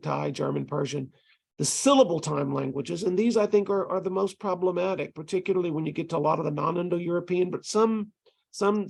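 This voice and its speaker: A man's voice: a little high, creaky, husky. A man teaching language tutors in an online lecture, explaining step by step and tapping out rhythms with syllables, heard over a video call. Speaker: ESL instructor training tutors.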